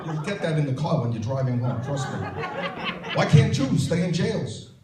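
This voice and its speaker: A man doing stand-up in a famous comedian's manner, his pitch leaping up and down as he delivers each joke. His voice sits fairly high for a man. It rings in a roomy space, picked up from a distance with a faint hiss behind. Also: normal speed, crowd noise. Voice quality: lively, punchy delivery with asides to the audience. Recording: roomy sound from a distant mic with faint noise.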